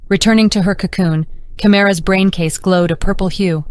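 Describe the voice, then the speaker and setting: A woman narrating a science fiction audiobook in a steady, measured reading. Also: mid-range voice, clear, resonant tone, dry recording. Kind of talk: scripted narration.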